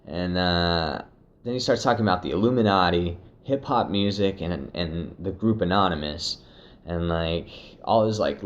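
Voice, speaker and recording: Low-voiced young man telling a wild story. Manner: profane, animated retelling with acted quotes. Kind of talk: casual personal storytelling. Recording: dull lo-fi recording.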